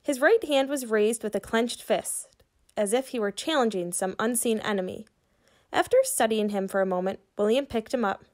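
A woman reading a children's book aloud, pausing to ask her young listeners questions about the story. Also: on the high side. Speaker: reader for children.

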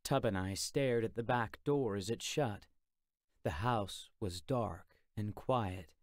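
Slow, steady male audiobook narrator. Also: on the low side, no room sound, studio quality. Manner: steady, measured storytelling. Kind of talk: scripted narration.

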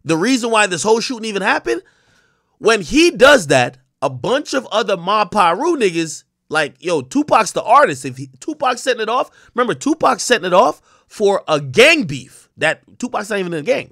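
A man's voice: high-pitched, big pitch swings, normal speed, bright, forceful tone, dry recording, clean studio sound. A man giving casual explanatory commentary, talking viewers through on-screen footage in an emphatic, slang-heavy, profane way.

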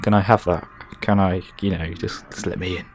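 A man's voice: low voice, fairly even intonation, a little fast. A man commentating a video game playthrough, sarcastic and swearing, with jokey asides. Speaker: gaming youtuber. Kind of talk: let's play commentary.

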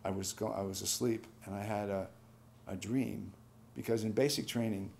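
A man in his sixties, a veteran, telling a personal memory in a halting, reflective, soft-spoken way. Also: lowish voice, steady tone, gravelly, a little hiss or hum. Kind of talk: personal testimony.

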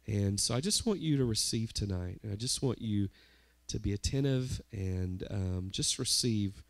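Male pastor, lower voice, dry close sound, informal intro of a guest. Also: moderate pace, vocal fry, no room sound. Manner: chatty and informal.

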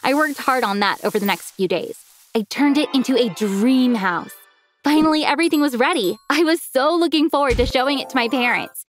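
A woman narrating a first-person animated story as a teenage girl, expressive and lively in delivery. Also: high voice, a little fast, faint music behind. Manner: expressive, acts out a teenage girl's feelings.

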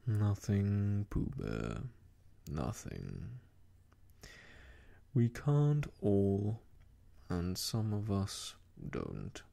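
A man voicing a gloomy old male donkey, talking slowly and mournfully in a whispered role-play. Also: on the low side, huge pitch swings, vocal fry, dark tone, exaggerated voice. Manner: slow, mournful, self-pitying sighs.

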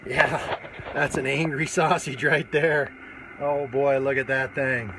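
Heavy background noise surrounds this livestreamer, who speaks slowly and flatly in a mid-range voice. Phone in one hand at an outdoor barbecue grill, he's doing a food challenge and rambling casually with lots of fillers and restarts.

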